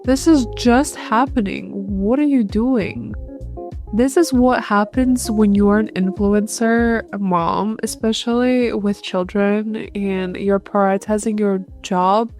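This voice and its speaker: A woman's voice: mid-range voice, slow pace, darkish tone. Female host, casual reaction commentary, blunt judgments, light music bed. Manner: blunt, disapproving remarks.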